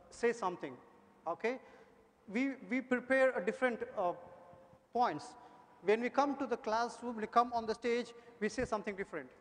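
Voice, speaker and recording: A man, an energetic conference presenter coaxing an audience through speaking drills with repeated cues. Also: high voice. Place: large conference hall. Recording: long hall reverb.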